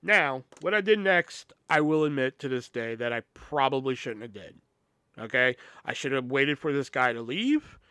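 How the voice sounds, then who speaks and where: A man's voice: mid-range voice, expressive, normal speed, sharp tone, clear, resonant tone, no echo. A man hosting a podcast, telling a story in a casual, profane, rambling way with lots of "you know". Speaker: podcast host.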